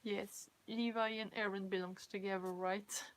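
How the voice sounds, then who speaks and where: On a live stream with a noisy background, a tired young Frenchwoman chats casually in an unhurried, medium-pitched voice. A native French speaker doing cosplay streams, she giggles a lot, reads viewer comments aloud, and puts herself down.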